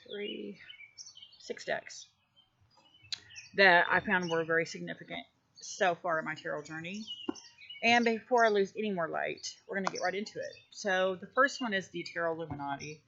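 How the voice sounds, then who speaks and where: Chatty woman vlogging outdoors, gravelly voice. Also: medium pitch, a little slow, pauses often, bright, forceful tone, a little hiss or hum. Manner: rambling, chatty, many fillers. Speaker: tarot channel host. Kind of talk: casual vlog chat. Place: outdoors near her house. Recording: dull lo-fi audio with faint birdsong.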